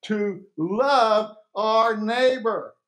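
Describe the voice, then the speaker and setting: A pastor preaches extremely slowly in a notably high, bright man's voice. He emphatically and earnestly hammers his points with repeated phrases and rhetorical questions aimed at the congregation.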